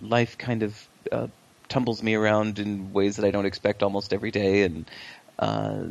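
A man speaking as an interview guest, relaxed and reflective, often pausing to think mid-sentence. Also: fairly low pitch, creaky, highs cut off. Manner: relaxed, reflective, many fillers and restarts. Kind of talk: conversational interview.

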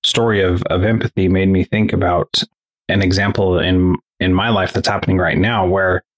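Male host, deep and breathy, reflective, restarts sentences as he thinks. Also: steady tone, moderate pace. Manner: thoughtful, restarts his sentences. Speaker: podcast host. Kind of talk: casual interview conversation.

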